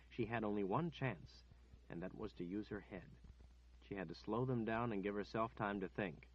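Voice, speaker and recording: A man reads an audiobook in a steady, measured way. His voice is low and husky. The recording sounds dull and lo-fi. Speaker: narrator. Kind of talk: scripted audiobook narration.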